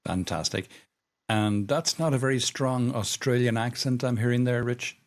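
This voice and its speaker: A middle-aged man hosting a podcast, reading a smooth scripted intro and then asking questions. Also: medium pitch. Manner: measured, polished delivery. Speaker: podcast host.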